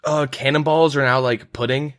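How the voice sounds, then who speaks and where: Here the same kind of speaker, a young man from Canada, loosely talks games on his podcast, filling gaps with "like" and "um" in a relaxed way. He speaks at a normal speed in a mid-range voice. There's no echo, and the audio is studio quality.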